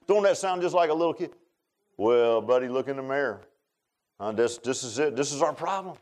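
A man preaching a sermon, folksy and animated, swinging from loud emphatic lines to low quiet ones. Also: brisk.

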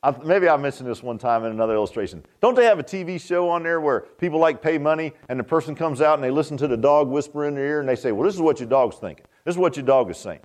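A man preaching a sermon, folksy and joking, often asking the congregation questions. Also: fairly high pitch. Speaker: pastor.

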